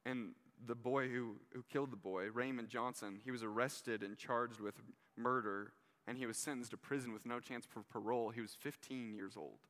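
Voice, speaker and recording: Male pastor, casual and earnest preaching, bright voice, reverberant hall. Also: medium pitch, fairly even intonation, normal speed, few pauses. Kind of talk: sermon.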